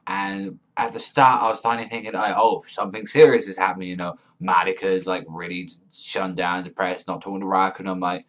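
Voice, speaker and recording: A man with a lowish voice rants through a comic review. He rambles and swears freely, piling up fillers as he goes. His talk is casual and unscripted. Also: brisk, gravelly, few pauses, a bit bright. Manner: profane, rambling, filler-heavy. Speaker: manga reviewer.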